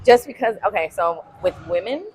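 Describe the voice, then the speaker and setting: Woman chatting casually, halting and candid, middle pitch, faint noise behind. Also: animated, darkish tone, poor audio. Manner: candid, halting, frequent "like" fillers. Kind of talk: casual conversation.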